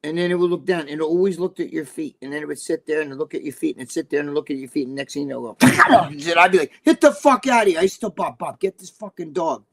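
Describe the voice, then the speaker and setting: A man's voice: on the high side, fast talker, creaky. Rambling, foul-mouthed older Jersey man. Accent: New Jersey. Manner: crude, rambling storyteller, swears a lot. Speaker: podcast co-host. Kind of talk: casual chat.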